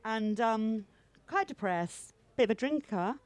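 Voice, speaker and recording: A bawdy woman comic in her fifties talks on stage in a hammy put-on Russian accent, her pitch riding a little high. Her voice leaps up and down as she mocks herself, often breaking into laughter. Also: animated, measured pace, a little mellow, no echo. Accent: put-on mock Russian accent. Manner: bawdy, self-mocking, laughs through her lines. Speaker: stand-up comedian. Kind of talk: comic chat interview on stage.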